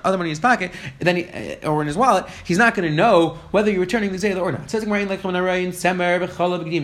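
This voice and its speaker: Rapid, high-voiced male Talmud teacher; chants the text, then explains it casually. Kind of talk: rapid Talmud class, reading and translating.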